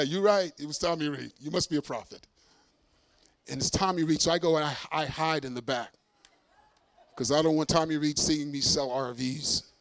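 A middle-aged preacher and singer gives a sermon testimony, telling a story in a lively way and acting out dialogue with self-mocking humor. His voice is mid-range, with no echo.

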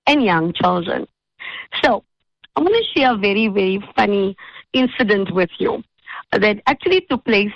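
Lively woman radio host telling stories. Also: medium pitch, no echo, lo-fi sound. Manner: animated storytelling with acted quotes. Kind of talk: radio talk show monologue.

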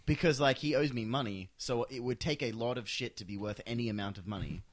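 A man co-hosting a casual podcast, joking and teasing his friends with deadpan asides. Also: medium pitch, fast talker, no echo. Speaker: podcast co-host. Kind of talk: casual banter. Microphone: studio mic, one shared channel.

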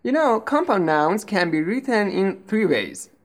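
A woman co-hosting a scripted language lesson as an English teacher, explaining patiently and clearly. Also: medium pitch, very animated, measured pace.

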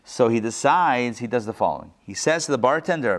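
Animated rabbi telling jokes in class. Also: male voice, measured pace, few pauses. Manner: animated storyteller, acts out joke characters with big pitch swings. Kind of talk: live lecture with joke-telling. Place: synagogue classroom, recorded live before an audience.

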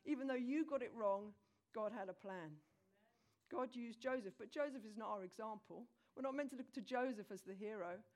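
This is a woman preaching with a fairly high voice; she narrates a scripture story with conversational liveliness and talks directly to those gathered.

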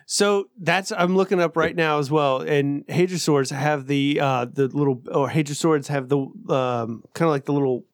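A man with a somewhat high voice talks in a rambling way, trailing off and restarting as he thinks aloud. The recording is dry and close. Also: fairly even intonation, normal speed, hardly any pauses, dry recording. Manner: rambling, restarts while looking things up. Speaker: podcast co-host. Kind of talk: casual chat.

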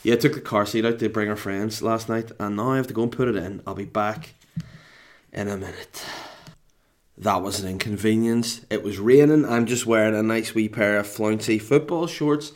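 The voice is a Scottish dad's, fairly low with fairly even intonation and a normal speed. At home, he addresses the camera with a casual, rambling story laced with swearing and humorous frustration.

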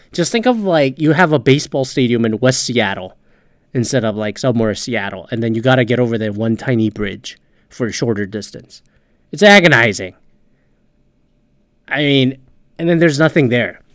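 A man in his thirties hosts a podcast and rants casually, swearing freely as he grumbles. His voice sits at an ordinary middle pitch. It is recorded close and dry, with no room sound. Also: normal speed, no room sound. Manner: profane, animated ranting. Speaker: podcast host. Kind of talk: casual monologue.

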